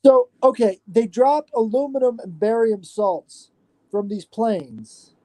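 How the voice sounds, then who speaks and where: Dark-voiced man lecturing on a podcast. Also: high-pitched, slow, dry recording. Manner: animated, profane, lecturing. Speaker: podcast guest. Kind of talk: casual podcast chat.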